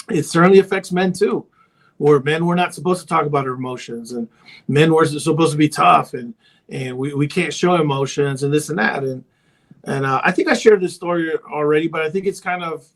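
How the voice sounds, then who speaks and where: Brief: male therapist guest, slightly high voice, loose chatty storyteller, fillers everywhere. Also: brisk. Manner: rambling storyteller, heavy on filler phrases. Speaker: therapist and parent coach. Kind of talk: casual podcast conversation.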